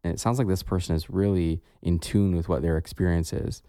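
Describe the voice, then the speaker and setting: A man's voice: sits low, fairly even intonation, fairly quick, dark tone, dry recording, clean studio sound. A man co-hosting a podcast, talking in a reflective, casual way with many "like" fillers. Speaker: podcast co-host.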